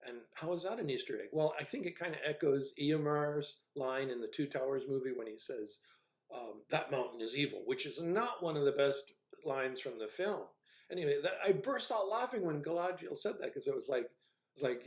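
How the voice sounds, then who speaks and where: A man's voice: a little high, roomy sound. Man with a grumbling, rambling manner. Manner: rambling, hesitant, wry and grumbling. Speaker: video essayist reviewing a TV series. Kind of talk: casual spoken commentary.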